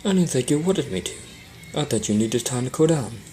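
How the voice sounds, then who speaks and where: A woman reading a fan story and voicing a gentle, bewildered husband stallion who speaks softly and earnestly. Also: rumbling low, lively intonation, fairly quick. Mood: confused.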